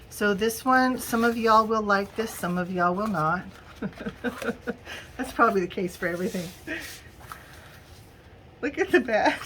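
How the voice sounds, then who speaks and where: A middle-aged woman with a drawl talks casually to her viewers in a slightly low voice. She giggles often and calls everyone "y'all." A faint room hum sits under her voice. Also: a bit bright. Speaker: crafting vlogger. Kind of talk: casual haul video.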